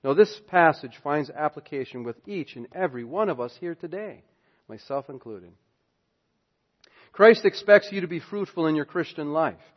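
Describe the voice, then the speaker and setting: A male pastor preaching a sermon with a somewhat high voice, pressing his points loudly and then dropping to a hush. The sound is dull and a little muffled. A long reverb trails his words through the church sanctuary. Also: animated, normal speed. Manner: emphatic preaching, swings between loud and hushed.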